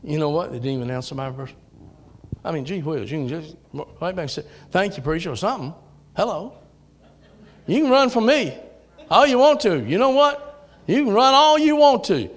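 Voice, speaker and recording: A man with a Southern US accent preaching a sermon in a church, folksy, dropping to low asides and rising to shouted calls. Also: expressive, moderate pace. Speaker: pastor. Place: church sanctuary.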